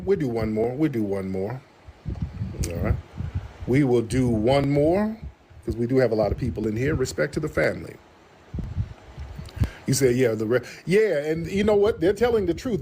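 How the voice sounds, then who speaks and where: A man with kids hosting a live stream, chatting casually in an animated, slangy way and repeating himself. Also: medium pitch. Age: adult, has kids. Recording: noisy stream audio.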